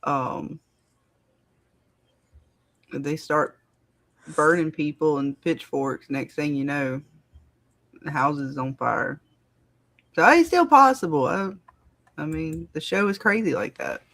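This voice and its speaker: A woman co-hosting a casual live chat, giggly and teasing, with drawn-out exclamations. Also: low-pitched, animated, fairly bright tone. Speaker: co-host.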